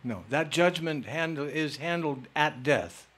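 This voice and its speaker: Animated man teaching and answering questions. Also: a little high, unhurried. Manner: animated, playful, teasing, emphatic. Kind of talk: lecture Q&A.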